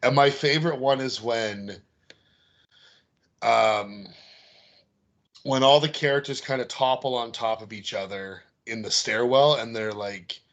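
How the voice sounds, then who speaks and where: A man's voice: mid-range voice, measured pace, long pauses, a bit bright. A man co-hosting a podcast, chatting casually and laughing as he retells movie scenes. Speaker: podcast co-host. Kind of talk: casual chat.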